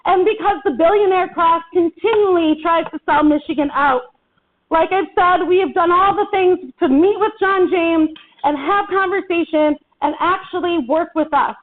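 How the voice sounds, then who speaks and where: A woman's voice: very high-pitched, moderate pace. A woman organizer giving an impassioned, rousing rally speech at a town hall meeting, talking folksy and addressing the crowd as y'all. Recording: tinny phone-like recording.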